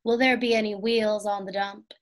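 A woman's voice: mid-range voice, normal speed, lightly acted. A woman voicing an eager little boy. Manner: eager, excited questions.

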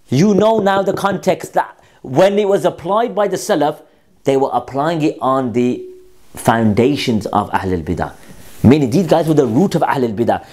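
A man's voice: on the high side, a little mellow. Combative man scolding his opponents. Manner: repeats key phrases for emphasis. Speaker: presenter of a commentary video. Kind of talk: polemical commentary on quoted texts.

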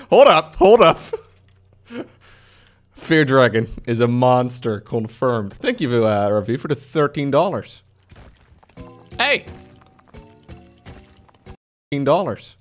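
A man in casual live-stream commentary while playing a game, excitable, laughing often and jumping to high yelps. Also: slow, long pauses. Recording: faint music behind the voice.

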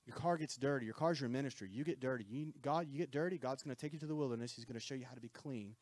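A man's voice: mid-range voice, rapid-fire, a little mellow, dry recording. Man preaching a conversational sermon. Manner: conversational preaching with frequent "right?" asides and repetitions.

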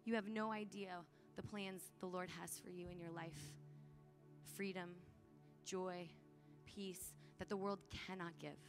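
A woman's voice: lowish voice, little pitch movement, measured pace, over music. A woman giving a talk at a youth conference, earnest and casual, often saying "like" as she urges her listeners on. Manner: earnest, casual phrasing with frequent "like"; urgent, encouraging appeals to the audience.

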